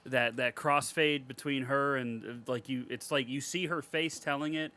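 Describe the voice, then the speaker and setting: Bright-voiced man riffing on a movie. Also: medium pitch, normal speed. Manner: profane, laughs a lot, gets excited and loud when retelling scenes. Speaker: podcast co-host. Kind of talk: casual movie-recap chat. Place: home, cat in the room.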